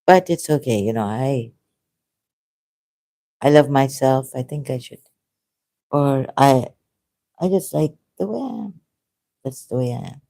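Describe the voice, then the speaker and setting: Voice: medium pitch, animated, a little slow, creaky, long pauses, mellow. A speaker in casual conversation who talks in a rambling, hesitant, self-deprecating way. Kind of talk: casual debate chat.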